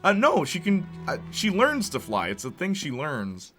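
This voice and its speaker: A man's voice: on the high side, wildly swooping pitch, normal speed, a bit bright, soft background music. A man streaming a video game, chatting casually and answering his chat. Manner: chatty, reads and answers chat, laughs often. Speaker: gaming streamer. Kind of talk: casual gameplay commentary.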